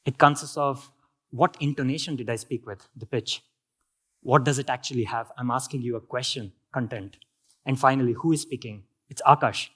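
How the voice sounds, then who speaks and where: A man's voice: mid-range voice, moderate pace, a bit bright. Indian man giving a technical talk. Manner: explanatory, with frequent fillers and restarts. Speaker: conference speaker.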